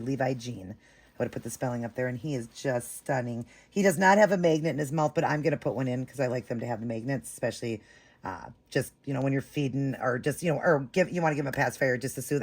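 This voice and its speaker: A woman's voice: deep voice, slightly rough. A woman vlogger chatting to camera, gushing and affectionate, with many fillers. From United States. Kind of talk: casual chat to camera.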